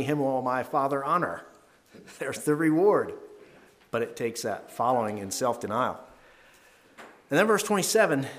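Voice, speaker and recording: A man leading a devotional Bible talk. He reads scripture aloud and talks it through earnestly, rising in pitch and volume to stress key verses. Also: fairly bright tone.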